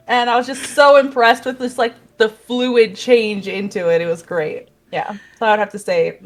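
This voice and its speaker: A woman's voice: a little high, steady tone. Enthusiastic woman hosting a casual chat. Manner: enthusiastic, quick to laugh. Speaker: host.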